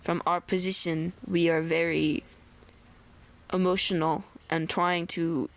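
A woman voicing a pushy male cultist adventurer in a tabletop game, talking in a slow, probing way. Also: fairly low pitch, level tone. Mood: pressing. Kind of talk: tabletop role-play.

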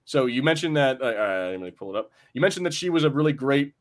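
American guy, podcast co-host, casual joking chat, mid-pitched voice. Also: expressive, fast talker. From United States. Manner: loose, joking, swears freely.

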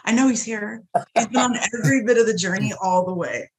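A woman guest telling personal stories in a casual chat, lively and swearing freely. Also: medium pitch, fairly quick. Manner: animated, profane, swears freely. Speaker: guest, shop owner.

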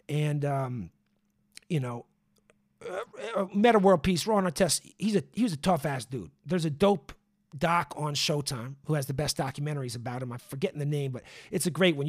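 Loose, rambling man with a high voice. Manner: rambling and profane, many fillers and asides. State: hiccuping. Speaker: podcast host. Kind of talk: casual solo podcast monologue.

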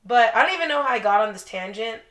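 A young woman co-hosts a podcast in casual, swear-filled chat. Her voice is bright and forceful. The room gives it a roomy echo. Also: on the high side, animated, quick pace. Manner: profane, blunt storytelling with laughs. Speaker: podcast co-host.

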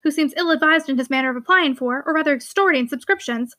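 Woman reading a haughty young heiress: emphatic, scornful, high bright voice. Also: fast talker. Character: proud young heiress, spirited and quick to scorn.

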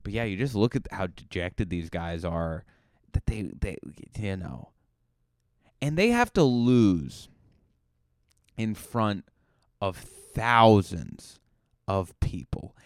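A man's voice: fairly low pitch, sing-song, slow pace, long pauses, no room sound, clean studio sound. A man from Cape Cod hosting a podcast, rambling through a joking, self-deprecating monologue. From Cape Cod, Massachusetts. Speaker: podcast host. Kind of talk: comedic monologue.

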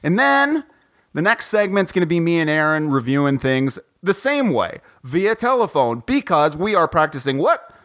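Animated, joking male podcast host. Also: a little high, moderate pace. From Ohio, USA. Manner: animated, joking, rambling with lots of fillers. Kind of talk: casual podcast chat. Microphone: recording from home, guest on the phone.

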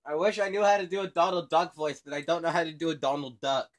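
A man's voice: on the high side, fast talker. A young man hosting a casual, improvised podcast, rambling and joking with lots of giggles. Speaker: podcast host.

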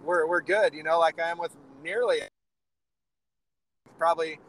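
A man with a hoarse, raspy voice from a sore throat, co-hosting a podcast in casual, joking chat while riding in a car. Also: a little high, steady tone, moderate pace, a bit bright, low-quality recording. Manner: joking, rambling, upbeat. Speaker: podcast co-host. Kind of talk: casual chat on a phone call from the road. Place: inside a moving car. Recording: faint road noise from a car.

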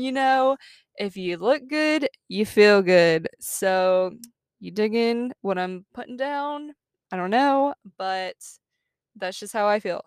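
A woman's voice: medium pitch, clean tone, no room sound, studio quality. A young woman, chatting casually as a podcast host from her parked car, upbeat and full of fillers. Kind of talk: casual chat.

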